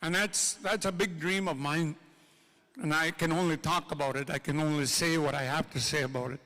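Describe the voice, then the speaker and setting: A man's voice: on the high side, fairly even intonation, normal speed, pushed and bright. A man giving an impassioned speech at a gathering, repeating his points and addressing the audience directly. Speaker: speaker at a treaty gathering. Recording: long hall reverb.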